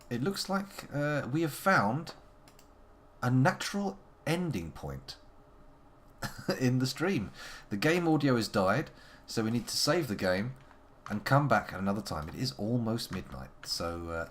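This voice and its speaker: A man's voice: mid-range voice, very animated, measured pace. A man giving playful, wordy live commentary on a game he is playing, making theatrical asides to his chat. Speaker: live-streaming game player.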